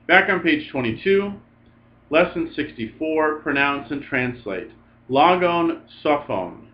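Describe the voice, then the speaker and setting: A man teaching a recorded Greek lesson, speaking slowly and methodically, saying each word twice as he explains it. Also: a little high, highs cut off. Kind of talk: recorded lecture. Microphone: recorded for a video lesson.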